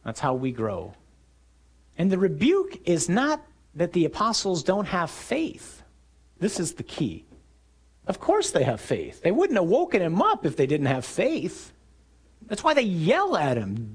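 A man preaching a sermon, telling stories vividly and acting out shouted lines. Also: fairly high pitch, normal speed, husky. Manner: animated storytelling, acting out shouts.

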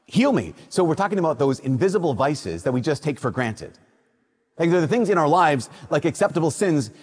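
A man's voice: fairly high pitch, slightly rough. A man from Minnesota reading the Gospel and then preaching a conversational sermon as a priest. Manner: conversational, acts out quoted voices. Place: church. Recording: long reverb of a large church.

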